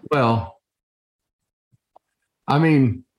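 A middle-aged man chatting over a video call in a playful, joking way, often stopping and restarting his sentences. His voice sits at an ordinary pitch for a man. The room around him rings with a noticeable echo. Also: drawn-out words. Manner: playful, joking, stop-and-start. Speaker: podcast co-host. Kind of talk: casual chat.

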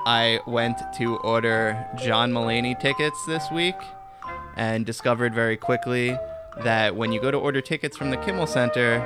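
A man of mid pitch telling a grievance at length in casual podcast talk. He speaks in a dry, sardonic way, slipping in deadpan jokes. Music is clearly audible underneath. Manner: dry, sardonic quips and long aggrieved rants. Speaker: podcast co-host.

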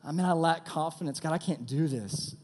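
A young man preaching a sermon in a casual, energetic style, calling out to his audience. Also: on the high side, fairly quick. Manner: energetic, conversational preaching with audience call-outs. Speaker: youth pastor.

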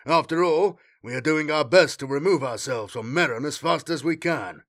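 A man's voice: on the high side, big pitch swings, a little slow, exaggerated voice. A man voicing an arrogant, mocking warrior sergeant who talks archly and snarls. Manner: arch, snarling, loud.

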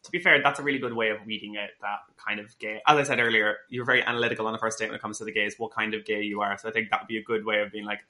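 A man talks fast in relaxed podcast chat, his mid-range voice bright and forward. He is chatty and easygoing as he leads the wrap-up. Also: on the low side. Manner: chatty, wraps up the episode. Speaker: podcast co-host. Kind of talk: casual chat.

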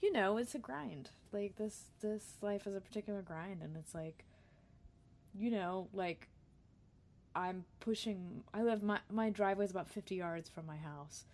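A woman's voice: medium pitch, measured pace, a little mellow. A woman singer-songwriter chatting casually as a guest, self-deprecating and talkative. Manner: chatty, self-deprecating, sings short jingles. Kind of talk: casual chat.

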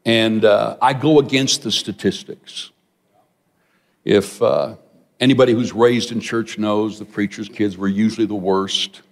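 A middle-aged man preaching a sermon, telling a personal story with animated asides to the congregation. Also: fairly low pitch, measured pace. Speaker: pastor. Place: large church hall. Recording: long hall reverb.

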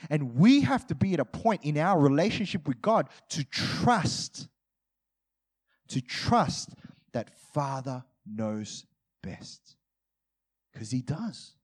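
A man's voice: a little high, very animated, slow pace, long pauses, breathy edge. A man in his thirties preaching a sermon in a conversational way, often asking his listeners questions. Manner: conversational, asks the audience questions. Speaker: pastor.

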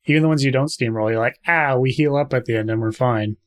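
A man's voice: medium pitch, quick pace. A man acting as game master, chatting casually and jokingly about a tabletop campaign, swearing now and then.

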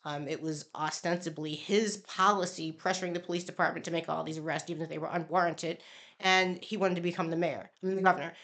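A woman's voice: fairly low pitch, steady tone, fast, a bit bright. A woman state senator being interviewed, speaking earnestly and emphatically about her time as a lawmaker. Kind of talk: conversational interview.

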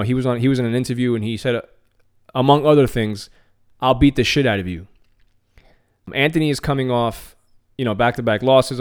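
A man hosting a podcast, chatting casually and excitedly about MMA news, often repeating words and restarting his phrases. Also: medium pitch. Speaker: podcast host.

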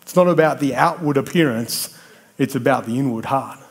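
A man's voice: medium pitch, normal speed, vocal fry. A man preaching a sermon, conversational and emphatic, building points through repetition and bantering with people in the congregation.

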